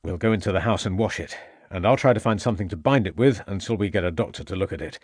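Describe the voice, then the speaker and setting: A man voicing a calm, compassionate Victorian police inspector who speaks with measured courtesy. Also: low-pitched, no echo, clean studio sound. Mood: kindly.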